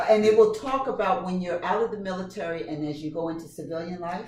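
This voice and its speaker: A woman's voice: on the low side, quick pace. A woman interviewing an author, prompting him with questions and short affirmations. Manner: encouraging, frequent short affirmations. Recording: roomy, distant mic, faint ambience.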